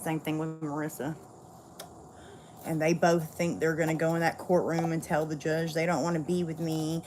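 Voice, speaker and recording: A woman's voice: on the low side, slight background noise. A woman venting bluntly and candidly to viewers in a casual livestream chat.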